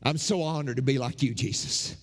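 A man's voice: medium pitch, fairly quick, close to an everyday voice. Preacher putting on a devout churchwoman, fervent, repeating herself, long hall echo. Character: joyful woman churchgoer, unshakably devout.

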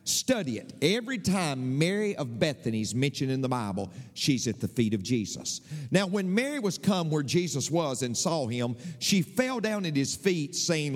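Male pastor, preaching with big lively swings of pitch, slightly higher voice, church with long reverb. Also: normal speed, few pauses. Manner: impassioned preaching, swings from low murmurs to high cries. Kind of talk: sermon.

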